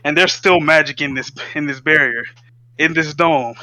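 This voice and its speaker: A man playing a tabletop role-playing game in casual chat, excitable and swearing freely, slipping into his character's lines. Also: on the high side, normal speed, no echo, low-quality recording. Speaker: player.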